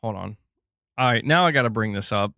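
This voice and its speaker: A man's voice: on the low side, expressive, fairly quick, vocal fry, sharp tone, no echo, studio quality. A man hosting a casual livestream, joking, laughing often and rambling as he reads chat. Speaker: livestream host.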